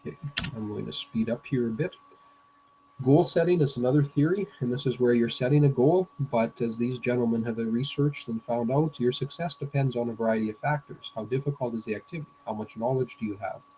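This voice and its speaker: A man's voice: medium pitch, brisk, mellow, a little hiss or hum, poor audio. A man, a business coach, giving a presentation lecture in a hesitant way, with frequent fillers and restarts.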